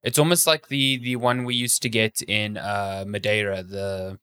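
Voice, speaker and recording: Chatty low-voiced podcast host, man. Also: steady tone, moderate pace, sharp tone, smooth. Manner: chatty, self-mocking, restarts often. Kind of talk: casual chat.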